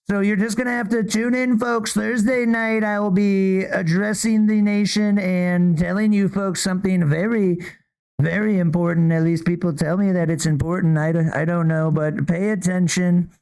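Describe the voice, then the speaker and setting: Man impersonating a blustery older politician, high smooth voice, repetitive crowd-pleasing boasts. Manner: repetitive rally-style boasting, addresses "folks". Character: bombastic older male politician, boastful and rambling. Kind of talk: comic impression.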